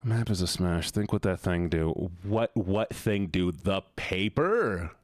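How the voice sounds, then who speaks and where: A man's voice: sits low, animated, slow pace, dry recording, studio quality. A man streaming live, chatting casually and jokingly with his viewers and swearing often. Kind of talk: casual livestream chat.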